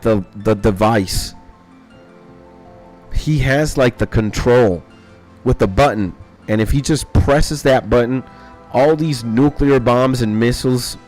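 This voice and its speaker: A young man streaming a game, rambling excitably in casual chat and swearing a lot. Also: mid-range voice. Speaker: gaming streamer. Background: faint background music.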